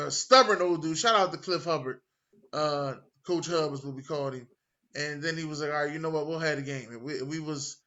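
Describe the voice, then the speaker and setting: A man's voice: a little high, lo-fi sound. A man in his thirties, a podcast host from Philadelphia, telling a story casually and acting out what people said. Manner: animated, acts out quotes with laughs and swearing.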